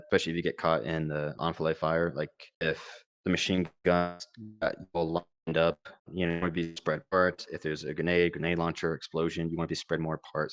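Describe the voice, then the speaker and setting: A man's voice: rumbling low, a bit bright, no echo. A young man, a former Marine medic, telling war stories casually, rambling with fillers and quoted dialogue. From United States. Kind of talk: casual storytelling interview.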